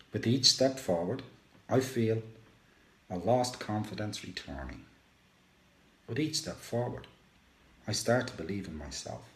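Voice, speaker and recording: A man reads a first-person poem slowly and emotively, his low voice swinging widely between rises and hushed drops. The room around him is roomy and echoey. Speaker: radio show host.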